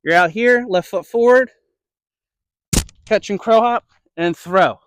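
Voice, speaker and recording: Coaching man with a high voice. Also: measured pace, a little hiss or hum. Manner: coaching, checks in with "okay?" and "right?". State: slightly out of breath. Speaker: baseball coach. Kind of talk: instructional demo.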